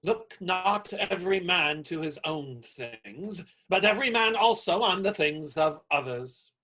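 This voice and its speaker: Wry, high-voiced friar. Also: male voice, animated, measured pace, bright, forceful tone, exaggerated voice, poor audio. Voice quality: wry, quotes verses. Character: Friar Tuck, male friar who quotes scripture, wry. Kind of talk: audio drama acting.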